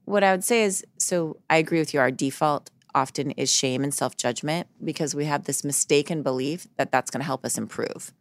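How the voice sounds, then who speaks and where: A woman's voice: low voice, a little fast, hardly any pauses, dry recording. A woman psychologist, a guest in a podcast interview, telling stories earnestly and acting out the quoted dialogue.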